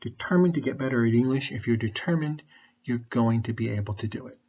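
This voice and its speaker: Husky teacher with candy in mouth. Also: male voice, mid-range voice, dark tone. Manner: patient, repeats questions and explains slowly. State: sucking on throat candy. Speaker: English teacher. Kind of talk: online English lesson. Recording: dull lo-fi recording.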